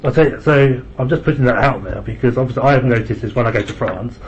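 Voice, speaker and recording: A man's voice: mid-range voice, fast talker, a little hiss or hum. A man with a London accent asking probing questions in a meeting, hesitant and patient, often restarting his sentences. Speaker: interviewer at a meeting. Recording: dull lo-fi recording.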